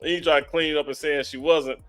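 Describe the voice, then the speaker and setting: A man's voice: on the high side, fairly even intonation, a little fast, fairly bright tone, faint music behind. A man co-hosting a podcast, reacting in casual commentary, laughing often and teasing in slang. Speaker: podcast co-host.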